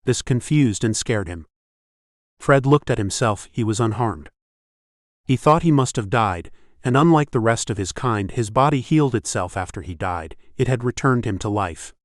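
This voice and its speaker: A man's voice: medium pitch, expressive, normal speed, no room sound. Man narrating an audiobook, dry sound. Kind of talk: scripted narration.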